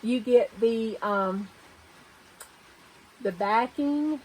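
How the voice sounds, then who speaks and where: A woman's voice: fairly high pitch, drawn-out words, a little mellow, a little hiss or hum, rough recording. A woman chatting casually at home about her cross-stitch projects, rambling and correcting herself as she goes. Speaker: cross-stitch vlogger host. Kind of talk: casual show-and-tell chat.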